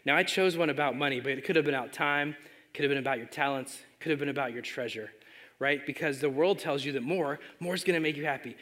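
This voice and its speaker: A middle-aged man preaching a sermon in a conversational way, slowing down to read scripture aloud. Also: a little high, sharp tone.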